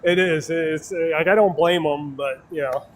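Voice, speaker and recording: A man from Wisconsin with a Wisconsin accent talks casually as he works at glassblowing. His voice sits a little on the high side. He is relaxed and laughs easily between remarks. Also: measured pace, slight background noise. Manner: relaxed, laughs often, chats while working. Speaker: glassblower streaming his work. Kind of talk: casual livestream chat while working. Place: glassblowing studio.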